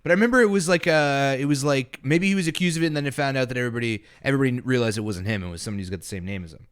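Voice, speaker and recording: A man's voice: mid-range voice, rapid-fire, smooth, no room sound, clean studio sound. A podcast co-host man rambling through a story, apologizing and laughing often. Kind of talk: casual podcast banter.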